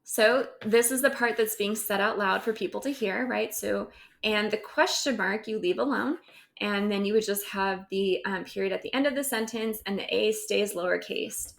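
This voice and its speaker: A woman's voice: mid-range voice, normal speed, creaky. A woman teacher recording a grammar lesson over slides, explaining step by step and often checking in with "right?".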